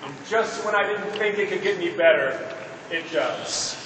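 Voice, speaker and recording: Young male motivational speaker, high voice, distant and noisy hall recording. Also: normal speed. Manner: energetic, audience call-and-response. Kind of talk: motivational speech to children. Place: large echoey hall. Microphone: distant mic.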